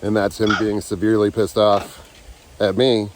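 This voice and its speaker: Man, lowish voice, rough-spoken outdoor vlogger, slips into coaxing tones with animals. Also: little pitch movement, normal speed, background noise. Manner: profane, loose, talks to animals in a coaxing tone. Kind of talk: casual unedited vlog talk.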